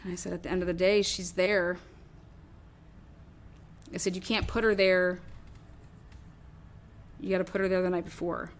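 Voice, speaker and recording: A woman's voice: fairly low pitch, little pitch movement, moderate pace, pauses often. A woman hosting a true crime show, talking through her theory in a rambling, casual way, swearing often and acting out what others might have said.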